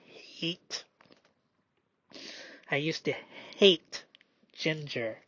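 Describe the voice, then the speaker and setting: Slow, halting man, half-whispered reflection. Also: on the high side, no room sound. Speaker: solo performer. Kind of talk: meditative spoken self-reflection. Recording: dull lo-fi dry recording.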